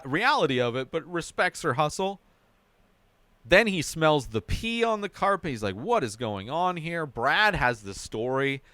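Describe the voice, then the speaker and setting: A man's voice: medium pitch, a bit bright, clean tone, no room sound. A man hosting a podcast, recapping a TV episode in a casual, run-on way and often tagging his sentences with "right?". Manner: narrates plot in a run-on way, often adding "right?".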